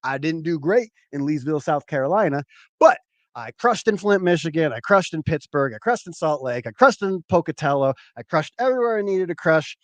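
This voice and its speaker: A man hosting a show, telling a rambling, animated personal story with swearing. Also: on the high side, a little fast, no room sound. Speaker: show host, former comedian. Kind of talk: casual storytelling.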